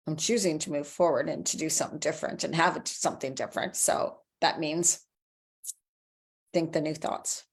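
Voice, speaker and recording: A woman in her forties speaks in a fairly low, easygoing voice, coaching her viewers. She talks in a chatty, encouraging way and sometimes acts out the doubting voice in their heads. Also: husky. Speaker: life coach. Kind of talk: motivational video talk.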